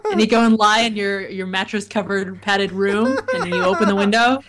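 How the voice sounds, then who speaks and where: A woman's voice: medium pitch, brisk, noisy background. Giggly woman riffing on a podcast. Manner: laughs often, absurd deadpan riffing. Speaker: podcast guest. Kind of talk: casual comedic chat.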